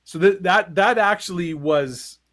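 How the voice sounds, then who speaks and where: A man's voice: high voice, a little slow, no room sound. A man in his forties, a podcast co-host, telling a long personal story in casual chat and acting out the voices of the people in it. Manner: animated, acts out quoted voices, swears.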